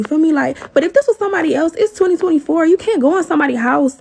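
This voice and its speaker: A woman telling a personal story in a casual, animated way, cursing often and addressing listeners as y'all. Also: high-pitched, racing, gravelly, hardly any pauses. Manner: animated, profane, talks to viewers as y'all.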